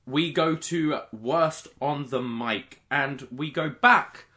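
A man's voice: fairly high pitch, takes it slowly, sharp tone. A man hosting a podcast in casual chat. He sounds easygoing and leads the segments. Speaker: podcast host.

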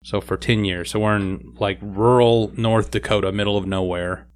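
A man hosting a casual movie podcast, recapping a film plot in an animated storytelling way. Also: on the low side, moderate pace.

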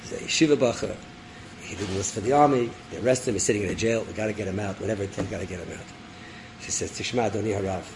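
A rabbi telling a story in a sermon, animated, acting out voices and dropping in Hebrew terms. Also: male voice, lowish voice, racing, background noise. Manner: animated storyteller, acts out characters, laughs; sprinkles Hebrew and Yiddish terms.

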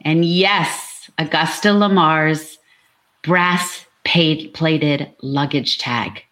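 Low-voiced woman author, expressive. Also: drawn-out words. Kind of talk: book event livestream talk and reading.

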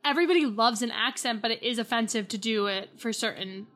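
Young female co-host, wry recap delivery, slightly high voice. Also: quick pace, fairly bright tone. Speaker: podcast co-host. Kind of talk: casual chat recapping a reality show.

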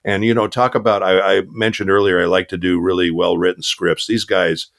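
A man with a lowish voice talks casually in an interview. He tells stories from his voice acting work in a loose, rambling way, full of "uh" and restarts. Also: level tone, brisk, vocal fry, fairly bright tone. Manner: chatty storyteller with many fillers and restarts. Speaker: voice actor guest.

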